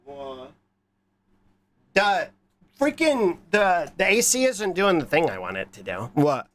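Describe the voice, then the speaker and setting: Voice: mid-range voice, sing-song, takes it slowly, a bit bright. A streamer with a stuffed-up nose from a cold, chatting casually and rambling while reading chat. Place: hot room indoors.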